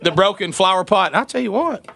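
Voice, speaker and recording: A man in a casual chat, telling a family story with lots of laughter and squeaky impressions of a toddler. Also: fast talker, creaky, a crowd in the background. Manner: animated storyteller, high squeaky voices for a toddler, laughs often.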